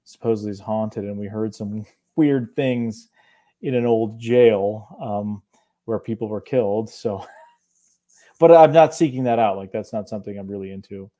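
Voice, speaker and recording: Laid-back man with a low mellow voice. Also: moderate pace. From northern Appalachia. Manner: laid-back, rambling, chuckling. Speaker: co-host of a cryptid show. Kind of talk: casual livestream chat.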